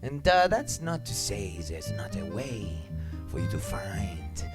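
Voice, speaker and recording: A man co-hosting a podcast in loose, animated chat, swearing freely and slipping into put-on voices. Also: on the low side, slow, soft background music. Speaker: podcast co-host. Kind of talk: casual chat.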